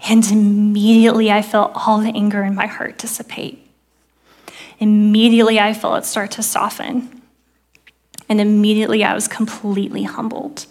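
A woman's voice: mid-range voice, flat delivery, normal speed, pauses often. A woman, preaching and telling her own testimony in church with earnest storytelling. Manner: earnest storytelling, dropping soft for quoted prayers. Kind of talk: sermon testimony.

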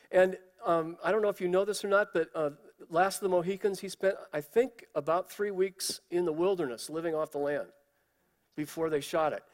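A man's voice: sits high, in a large hall. A man giving a conversational sermon, telling personal stories with fillers and asides.

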